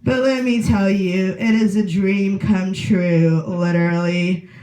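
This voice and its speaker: A woman in her late twenties works through a stand-up set at an open mic, deadpan and rambling. She leans on uhs and ums between jokes. Her voice bounces around an echoey small room. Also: medium pitch, slow. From Russia. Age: 20s. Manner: deadpan, rambling with filler words. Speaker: stand-up comedian.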